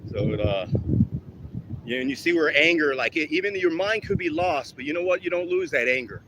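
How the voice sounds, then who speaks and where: A man's voice: fairly high pitch, animated, fairly quick. A man ranting with a lot of swearing during an outdoor workout vlog, winded between exercises, with traffic around him. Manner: profane, heated and preachy. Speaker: fitness vlogger.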